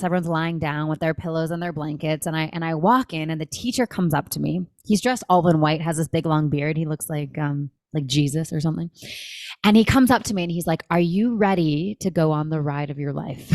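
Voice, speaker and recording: A woman in her thirties telling a personal story as a podcast guest, animated, acting out quoted dialogue with lots of "like". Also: deep voice, a little fast, no room sound, studio quality. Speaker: guest, breathwork company founder. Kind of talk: conversational storytelling.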